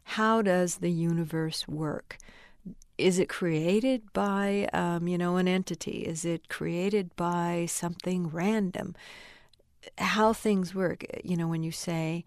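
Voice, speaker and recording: An older woman novelist answering interview questions thoughtfully, pausing to search for words and laughing now and then. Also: lowish voice, steady tone, a little mellow, no echo, studio quality. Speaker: novelist interviewed about her work.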